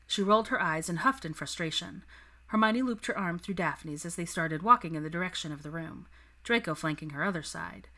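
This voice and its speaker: Low-pitched woman reading a story aloud. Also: moderate pace, pushed and bright. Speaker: fanfiction reader. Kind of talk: storybook narration.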